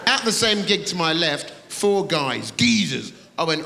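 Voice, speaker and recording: Animated male comedian working a crowd. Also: fairly high pitch, measured pace, vocal fry, few pauses, a little hiss or hum. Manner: animated, teasing, bursts into shouts. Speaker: stand-up comedian. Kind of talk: live stand-up comedy with crowd work. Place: large live comedy venue with audience. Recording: live theatre recording, long reverb, loud crowd.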